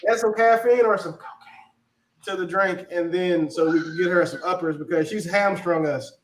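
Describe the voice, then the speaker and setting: A man's voice: high voice, normal speed. A man on a live panel, joking and teasing the host in casual chat. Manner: teasing, jokey. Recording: echoey room with faint noise.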